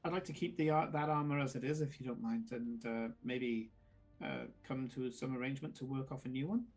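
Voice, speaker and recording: A man's voice: medium pitch, fairly quick, darkish tone, faint music behind, natural voice. A man doing a polite huge cat-folk warrior.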